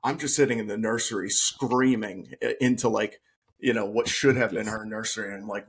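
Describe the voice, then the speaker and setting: A man's voice: lowish voice, steady tone, fairly quick, husky. A man who is a podcast guest, telling his own story earnestly in a conversation and acting out the things people said. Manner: earnest, retells scenes by acting out quoted speech.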